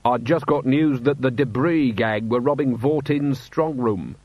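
A man's voice: medium pitch, unhurried, dry recording, close to an everyday voice. A man voicing a weary watch commander with dry, glum wit. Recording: dull, slightly lo-fi.

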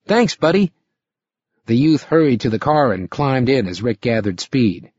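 A man narrating an audiobook in an expressive, dramatic reading style. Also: medium pitch, normal speed, breathy edge, no room sound. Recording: slightly muffled recording.

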